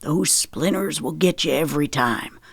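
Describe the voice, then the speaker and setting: A woman voicing a gentle, slightly sheepish middle-aged father who speaks in soft, soothing tones. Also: deep voice, normal speed, breathy edge, no echo.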